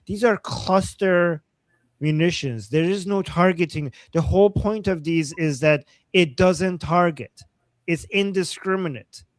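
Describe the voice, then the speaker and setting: A man co-hosting a live news stream, giving animated, opinionated commentary and teasing his co-host. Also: high-pitched, a little slow, dry recording.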